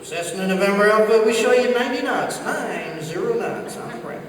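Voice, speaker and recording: A man putting on a cool, emotionless air traffic controller reading out radio calls in a steady, measured tone. The voice carries a long hall echo and sounds far from the mic. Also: high-pitched. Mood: calm official. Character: calm unflappable male air traffic controller.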